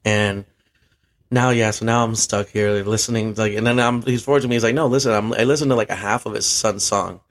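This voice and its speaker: A man's voice: on the low side, fairly even intonation, a little fast. A young man, a bartender and podcast host, telling a rambling story in casual, profane chat and laughing at himself.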